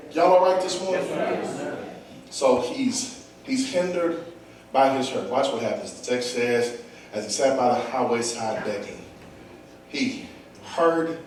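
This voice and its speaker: A man preaching a sermon, calling out to his congregation and building to shouts. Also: medium pitch, slight background noise. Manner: preaches with rising shouts and call-outs to the congregation. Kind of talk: call-and-response sermon. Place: church sanctuary. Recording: echoey church, distant mic, congregation responding.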